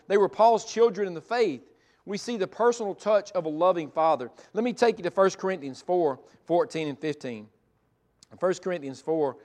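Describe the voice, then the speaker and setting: A middle-aged pastor preaches with a notably high-pitched voice. He climbs into loud, emphatic stretches and then drops to a soft, close delivery. He talks like a man speaking from the pulpit. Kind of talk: sermon.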